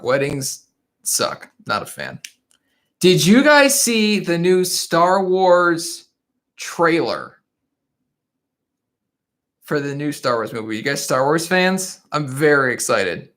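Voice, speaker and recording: A man's voice: a little high, big pitch swings, slow pace, a bit bright. A man hosting a casual livestream, chatting and laughing often as he reads viewer comments. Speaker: livestream host. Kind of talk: casual live chat reading viewer comments. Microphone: desk microphone.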